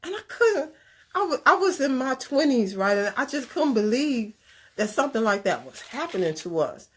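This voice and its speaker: A woman telling a personal story in a conversational talk, animated and earnest, drifting into preachy asides. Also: sits high, moderate pace, slightly rough. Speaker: speaker sharing a personal story. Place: Chicago area.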